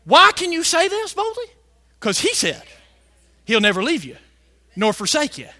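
A male preacher delivering a fiery sermon, shouting some lines and stretching words out slowly for emphasis. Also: very high-pitched, huge pitch swings. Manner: fiery, shouting emphasis with big swings in loudness.

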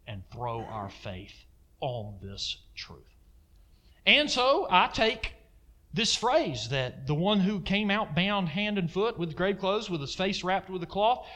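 A male preacher delivers a sermon with a high, lively voice that swoops up and down. His tone is bright and forceful. He punctuates his points with emphatic calls to the congregation. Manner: emphatic, call-and-response asides to the congregation.

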